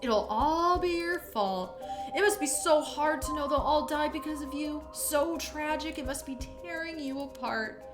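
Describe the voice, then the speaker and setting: A woman's voice: on the high side, normal speed, over music, close to an everyday voice. A woman voicing a vicious, vengeful male killer who taunts his victim with cruel, profane sneers while reading a game's lines aloud. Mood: gloating.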